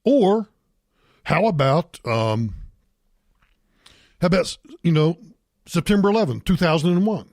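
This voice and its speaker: A man's voice: fairly high pitch, lively intonation, a little slow, pauses often, darkish tone, dry recording, studio quality. An older man hosting a talk show, delivering an emphatic political monologue and repeating points for stress. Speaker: radio talk show host.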